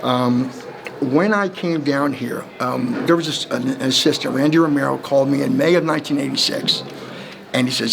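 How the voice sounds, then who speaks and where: A man in his fifties, originally from New Jersey, answers press questions as a Hall of Fame inductee. His voice has a gravelly, fried texture at a middling pitch. He rambles through long anecdotes, slipping into the voices of the people he quotes. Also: moderate pace, noisy background. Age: 50s. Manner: rambling storyteller who acts out quoted voices and laughs between lines. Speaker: Hall of Fame inductee, former running back.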